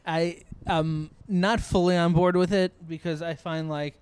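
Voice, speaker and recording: A man's voice: on the high side, flat delivery, unhurried, clean tone, no echo. A man co-hosting a podcast, laid-back and swearing casually. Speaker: podcast co-host.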